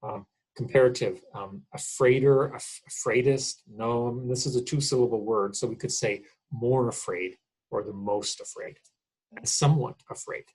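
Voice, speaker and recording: Man, middle-aged, husky voice, casual grammar lecture, says okay a lot. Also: mid-range voice, steady tone, normal speed, a little mellow, poor audio. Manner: casual, explanatory, frequent "um" and "okay?" checks. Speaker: college English instructor.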